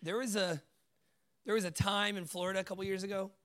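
A man preaching a sermon, telling stories with lively acted-out dialogue, dropping to hushed lines and rising to loud bursts. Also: sits high, fast talker, clean tone. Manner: animated storytelling, acts out dialogue, swings from hushed to loud.

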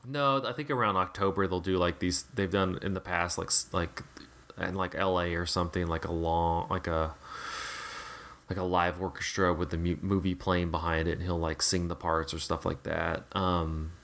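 A man's voice: sits low, little pitch movement, normal speed, creaky, fairly bright tone. A man in casual podcast chat about a film, rambling with many fillers and restarts.

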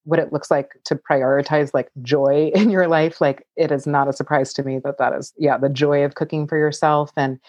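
A woman's voice: deep voice, steady tone, normal speed, hardly any pauses, a little mellow, no room sound, lo-fi sound. A woman cookbook author answering audience questions in casual chat, laughing often and saying "like" a lot. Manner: chatty, laughs often, many "like" fillers.

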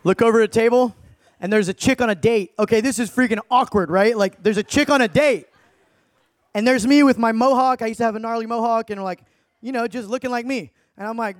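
A young man, an evangelist, excitedly telling testimony stories in slangy talk, laughing now and then. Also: extremely high pitch, fast, dry recording. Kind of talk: energetic testimony storytelling.

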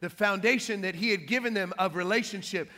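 A man preaching a sermon, telling a Bible story with lively, joking asides. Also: sits high, fairly quick, big-room sound. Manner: lively storytelling with playful trash-talk asides. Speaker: pastor.

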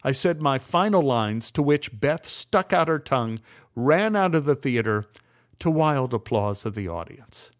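A man's voice: mid-range voice, expressive, measured pace. An older man recounting a memory with wry, dry humor. He tells it as a storyteller would, with an easy, conversational flow. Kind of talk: personal storytelling monologue.

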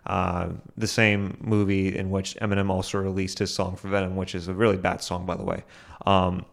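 A young man talks through his solo podcast in a loose, rambling way, with lots of fillers and side remarks. His voice sits fairly low. He often pokes fun at himself and breaks into small chuckles. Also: little pitch movement, normal speed, creaky. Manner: rambling, full of fillers and asides; self-deprecating, chuckles often. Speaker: podcast host.

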